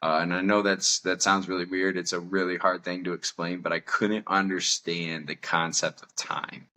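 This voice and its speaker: Low, bright-toned man telling a story. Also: flat delivery, normal speed. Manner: candid and self-mocking, laughs often. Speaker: podcast host. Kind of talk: personal storytelling.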